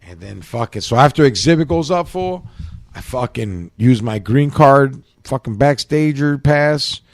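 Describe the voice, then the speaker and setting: A man's voice: medium pitch, expressive, measured pace. A man telling a long casual story as a podcast host, slangy and heavy on profanity.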